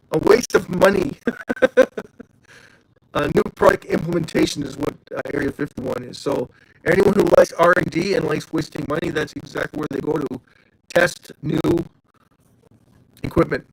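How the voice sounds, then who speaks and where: A man's voice: a little high, a little slow, vocal fry, pauses often, slight background noise, low-quality recording. A man hosting a casual livestream, chatting loosely and greeting viewers by name. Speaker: livestream host.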